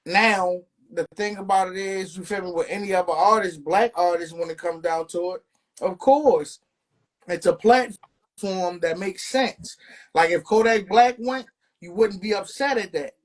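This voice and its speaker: A man talking casually on a podcast, emphatic and drawn-out, often checking in with "you feel me". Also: sits high, poor audio. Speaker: podcast guest.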